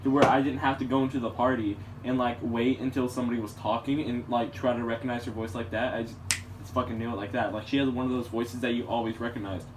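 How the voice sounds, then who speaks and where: A man's voice: medium pitch, flat delivery, fast talker. A man telling a casual story in a rambling, crude way, with many restarts. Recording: distant mic with clear background noise.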